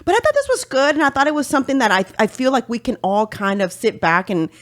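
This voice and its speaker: A woman co-hosting a casual podcast chat in a studio, chatty and quick to laugh, sometimes reading passages aloud from a book. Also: high voice, very animated, fairly bright tone. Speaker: podcast co-host. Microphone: studio mic.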